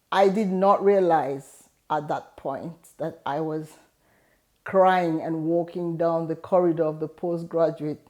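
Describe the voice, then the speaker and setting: A middle-aged woman hosts an advice video, sharing a personal story in an earnest, encouraging motivational talk. Her deep voice is steady and mellow, and she speaks at a slow pace.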